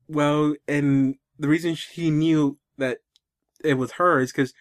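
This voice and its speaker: A man's voice: on the high side, fairly even intonation, takes it slowly. A young man casually retelling a movie plot, rambling with lots of restarts. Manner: rambling, many fillers and restarts.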